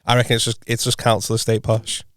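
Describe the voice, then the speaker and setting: A man's voice: fairly low pitch, monotone, quick pace, a bit bright, dry recording, clean studio sound. A man co-hosting a podcast in casual chat, teasing and joking, laughing often. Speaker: podcast co-host.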